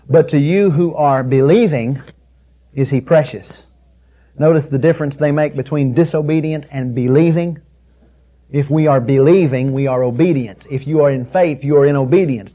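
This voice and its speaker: Emphatic man preaching, muffled recording. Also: normal speed. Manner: emphatic, builds to loud peaks on scripture quotes; drops soft and low on intimate points. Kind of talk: sermon.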